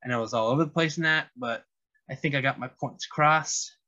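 A man co-hosting a podcast, explaining his point in a quick, blunt, casual way. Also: mid-range voice, bright, forceful tone, lo-fi sound. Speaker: podcast co-host. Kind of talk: casual chat.

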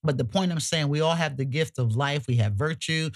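A woman co-hosting a podcast, talking emphatically and colloquially, sometimes cussing, her pitch jumping high when she gets worked up. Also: a little fast. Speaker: podcast co-host. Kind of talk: casual podcast chat.

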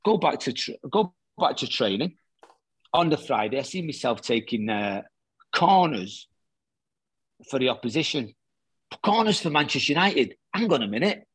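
Middle-aged man, husky voice, dry close sound, animated storyteller, casual guest chat. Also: mid-range voice, moderate pace, pauses often, dry recording. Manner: animated anecdote-teller who acts out quoted dialogue. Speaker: guest, former footballer.

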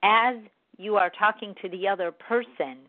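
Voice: medium pitch, normal speed, no echo. An earnest speaker in a reflective monologue, explaining step by step how to own a hurt and apologize. The sound is thin and phone-like, with a close, dry feel and no room around it. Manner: earnest, talks through steps of an apology. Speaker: podcast speaker on forgiveness. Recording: tinny phone-like line, dry.

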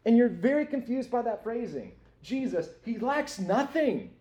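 His voice is very high, warm, and swings widely in pitch at a moderate pace. A young man working as a campus minister, he gives an interactive, conversational sermon to students, questioning them and filling in with "like" and "right?"

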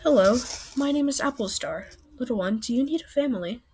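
A woman voicing a welcoming male cat clan leader in a storybook, announcing loudly to the clan. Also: on the high side, lively intonation, a little fast, slight background noise, pitched above the performer's own voice, lightly acted. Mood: commanding.

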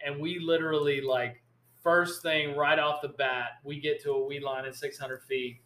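A man tells a story in a casual podcast chat, animated and rambling. His voice sits a bit high and sounds bright and forceful. The room around him is echoey. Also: moderate pace. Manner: animated, rambling storyteller who acts out quotes. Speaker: podcast host.

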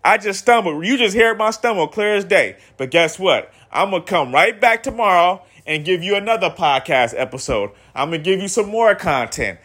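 A man's voice: sits high, animated, moderate pace, few pauses, a bit bright. A man hosting a podcast, delivering a motivational solo monologue in a preachy, repetitive way with slang and cursing. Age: adult with kids. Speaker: podcast host.

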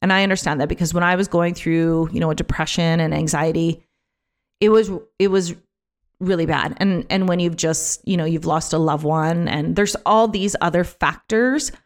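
A woman talking casually on her own podcast, chatty and animated, with many fillers and restarts, sometimes acting out other people's voices. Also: fairly low pitch, normal speed. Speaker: podcast host. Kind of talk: casual solo podcast talk.

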